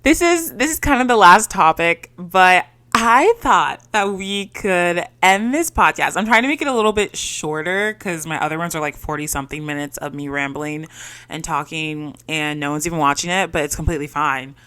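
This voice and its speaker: A young woman talks through her solo podcast in a loose, rambling way, giggling often. Her voice is bright and forceful, sitting a little low. The sound is dry and close, with almost no room around it. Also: brisk, clean tone, no echo. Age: young adult. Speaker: podcast host. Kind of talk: solo casual chat.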